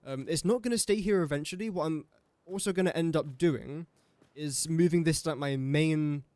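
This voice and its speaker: A man's voice: fairly high pitch, moderate pace, a little mellow, no echo. A young English man casually commentating his own live game stream, chatty and self-mocking, muttering guesses as he plays. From England. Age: young adult.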